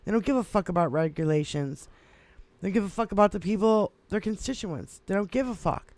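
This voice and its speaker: A man's voice: high-pitched, a little fast, no echo. A man co-hosting an internet talk show, ranting about politics with heavy swearing and frequent laughter. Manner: swearing, animated, laughing a lot. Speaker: podcast co-host. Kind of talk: profane political rant.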